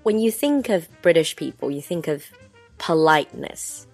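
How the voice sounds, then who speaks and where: A woman's voice: low voice, lively intonation, moderate pace, vocal fry, darkish tone, soft background music. A woman co-hosting an educational chat whose first language is Mandarin Chinese, curious and asking questions as she explains things in two languages. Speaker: co-host.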